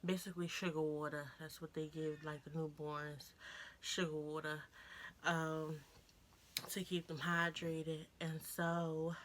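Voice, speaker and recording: A young woman talking casually to camera in a vlog, pausing often and getting choked up. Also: low voice, little pitch movement, a little hiss or hum. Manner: informal, pausing, soft laughs. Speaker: vlogger.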